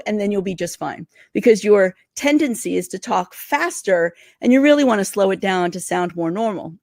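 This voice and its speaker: Woman, career coach, quick excited delivery, dry close sound, livestream lesson. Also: mid-range voice, dry recording. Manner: energetic, talks fast and excitedly.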